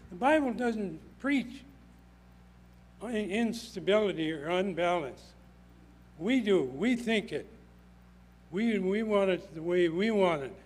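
A man's voice: high-pitched, lively intonation, slow, pauses often, darkish tone, rough recording. An older man preaching a sermon with emphatic delivery, repeating key phrases for stress.

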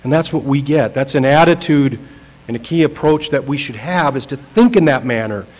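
A man preaching a sermon, reading scripture aloud and slowing to stress key words. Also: medium pitch, expressive, rough recording. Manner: swings between soft and emphatic, slows for stress. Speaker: pastor.

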